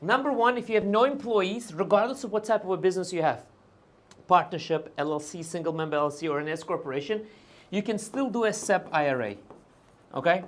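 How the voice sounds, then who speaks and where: A man's voice: high voice, fairly quick. A man hosting a live question-and-answer stream as a tax advisor, talking casually and often checking in with "right?" and "okay?" while hedging on fine details. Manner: hedges on details. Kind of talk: live Q&A explainer.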